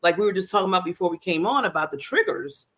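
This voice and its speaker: A woman's voice: fairly low pitch, big pitch swings, fast, a bit bright. A woman in her fifties, a talk show host, chatting openly and laughing often with her guest. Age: 50s. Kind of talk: casual interview chat.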